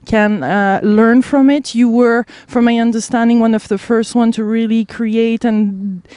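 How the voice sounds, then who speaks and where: A woman's voice: a little high, steady tone, unhurried, warm tone, dry recording. A woman hosting an interview in a bubbly, effusive manner. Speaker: host.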